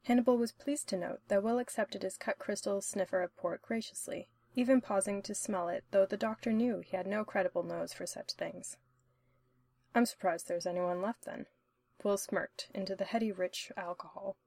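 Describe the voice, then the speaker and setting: A woman reads a story aloud in an even, steady manner. Her voice sits at a middle pitch. The recording is dry and close, with no echo. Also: moderate pace, creaky, few pauses. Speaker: narrator. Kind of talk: audiobook-style story reading.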